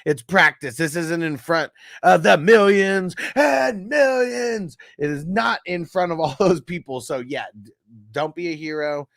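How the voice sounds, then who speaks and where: Hosting a casual fantasy football stream, a man with a somewhat high voice and vocal fry talks at a measured pace. He reads chat comments aloud with animated, profane humor, swearing and laughing often. It's studio quality with no echo.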